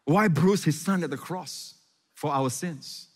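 A man preaching a sermon as pastor, impassioned, swinging from loud questions to hushed, tender reassurance. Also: fairly high pitch, measured pace, in a large hall.

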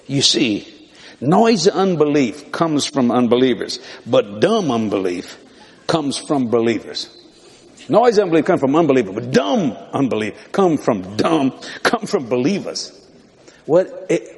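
Folksy male preacher, animated and laughing through his stories; a lively, swooping delivery, with a faint audience behind him. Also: on the high side. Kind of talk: humorous storytelling sermon. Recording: reverberant hall with live audience.

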